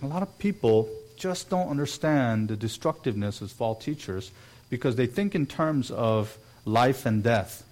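A pastor with a mid-range, slightly mellow voice preaches an earnest sermon, now and then acting out the voices he quotes.

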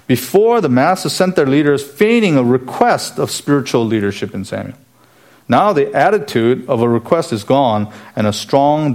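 A man's voice: mid-range voice, darkish tone. A man preaching an earnest expository sermon, asking emphatic rhetorical questions as he explains a scripture passage verse by verse.

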